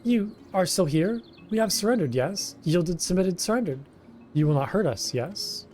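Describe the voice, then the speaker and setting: A man's voice: high voice, animated, moderate pace, a little mellow, faint music behind, pitched above the performer's own voice. A man voicing a whiny, self-pitying male kobold foreman who repeats himself in strings of synonyms. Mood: pleading. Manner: repeats words in lists of synonyms, pleading.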